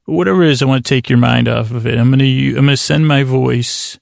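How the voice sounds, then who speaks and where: Creaky-voiced man rambling softly. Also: fast talker, no echo, clean studio sound. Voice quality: creaky, low-key dulcet tones. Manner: meandering, self-deprecating, talks to the listener intimately. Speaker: sleep podcast host. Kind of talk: rambling late-night podcast intro.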